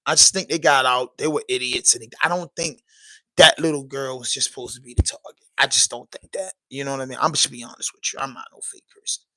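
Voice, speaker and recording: A man's voice: mid-range voice, steady tone, fast talker, sharp tone, dry recording, rough recording. A man hosting his own podcast vlog from home, chatting casually and rambling straight to his viewers. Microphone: portable camera.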